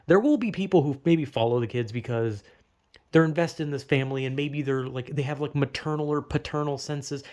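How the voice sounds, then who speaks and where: Young guy ranting on his channel, swears a lot, kinda higher voice, trips over his words. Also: normal speed, darkish tone. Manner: profane, rambling, self-interrupting with laughs. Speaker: video essayist. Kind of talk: casual rambling commentary.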